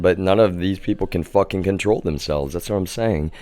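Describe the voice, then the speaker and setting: A young man rants heatedly into his streaming mic, swearing and calling his viewers "y'all". His voice sits very low and sounds smooth and resonant. The sound is dry and close, with little room around it. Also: a little fast, warm tone, no room sound. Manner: heated, profane, repeatedly addressing viewers as y'all. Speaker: livestream host. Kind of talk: ranting livestream monologue.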